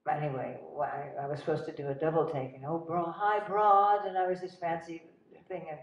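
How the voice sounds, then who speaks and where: An older actress telling animated stories about her career in a casual interview. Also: low voice, quick pace. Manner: animated, breathless anecdotes with laughs. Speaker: guest actress. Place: cinema. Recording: roomy, distant, dull sound.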